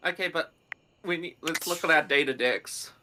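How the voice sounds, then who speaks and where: A woman's voice: low voice, moderate pace, noisy background. A woman with a New Zealand accent, co-streaming a video game and chatting casually with wry comments.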